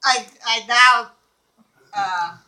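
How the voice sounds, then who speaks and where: An older woman telling a lively personal story, laughing often and acting out the people in it. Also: a little high, slow pace, rough recording. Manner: acts out quoted dialogue. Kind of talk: casual anecdote.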